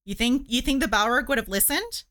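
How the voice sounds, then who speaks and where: A woman's voice: a little high, lively intonation, fairly quick, fairly bright tone. A woman chatting casually on a live stream while she crochets, joking and teasing playfully. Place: home streaming setup.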